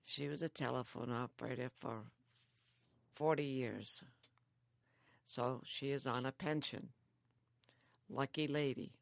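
Old lady slowly telling stories in a dry close room, gravelly voice, laughs a lot. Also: extremely low pitch, no room sound. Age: older. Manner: slow, chatty storytelling with frequent laughs. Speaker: interviewee, grandmother. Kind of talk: casual chat. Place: care home.

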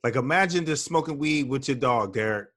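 A man's voice: mid-range voice, lively intonation, a little fast, fairly bright tone. A man from New York hosting a podcast call, joking around in loose, teasing chat. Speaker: podcast host. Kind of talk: casual chat.

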